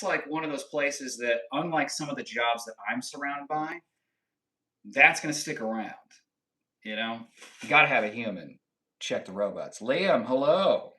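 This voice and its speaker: A man's voice: fairly high pitch, sharp tone, distant mic. A young man hosting a casual live stream, reading chat comments aloud and joking and trolling back at them. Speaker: livestream host. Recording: echoey room, voice a bit off-mic.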